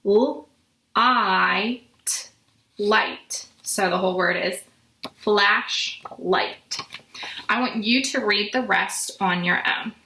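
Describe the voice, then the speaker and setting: A woman teaching a phonics lesson to children, sounding out letters slowly and clearly. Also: mid-range voice, sharp tone, slight background noise. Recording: echoey room.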